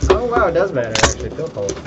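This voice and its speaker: A man's voice: on the high side, sing-song, rapid-fire. Sarcastic man ribbing card players. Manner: sarcastic, needling teasing. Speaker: poker player and dealer. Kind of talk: casual banter at a poker table. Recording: dull sound with clear room noise.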